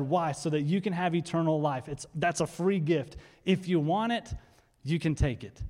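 A male pastor preaches with a fired-up, energetic delivery and a fairly high voice. He hurries through asides and slows down for emphasis. A long reverb trails behind him, as if he is speaking in a big church hall. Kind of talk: sermon.

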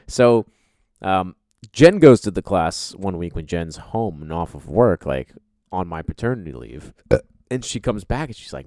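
A man's voice: low voice, sing-song, normal speed, a little mellow, no echo. A man in his thirties telling a rambling, profane, sarcastic story in casual chat.

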